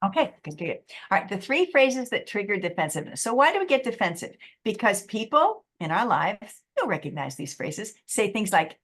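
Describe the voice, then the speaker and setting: A middle-aged woman giving a motivational webinar talk, acting out quotes in an animated way. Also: medium pitch, normal speed, few pauses. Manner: lively, animated, acts out quotes. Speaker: presenter.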